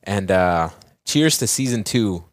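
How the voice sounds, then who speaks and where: A man co-hosts a casual podcast, teasing his friends with a voice that jumps lively up and down. The recording is dry and close, with no room sound. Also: fairly low pitch, takes it slowly, no echo. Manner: playful, teasing. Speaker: co-host.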